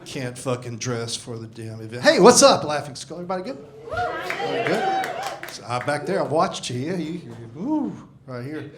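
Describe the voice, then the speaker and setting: A man in his sixties doing a gruff, profane, self-mocking stand-up comedy set on a club stage. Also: medium pitch, sing-song, brisk, background noise. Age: 60s. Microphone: handheld stage mic. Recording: live club recording with crowd laughter. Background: audience laughing.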